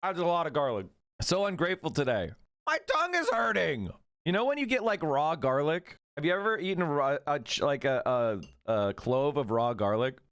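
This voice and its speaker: A man streaming casually to his chat, animated, sarcastic and profane. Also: a little high, normal speed, clean tone, dry recording. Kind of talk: casual livestream commentary.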